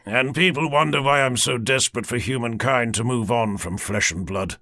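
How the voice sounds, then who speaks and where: A scheming professor speaks in a low, cool, disdainful tone, as a male narrator puts him on. The sound is close and dry. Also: moderate pace, pushed and bright, no echo.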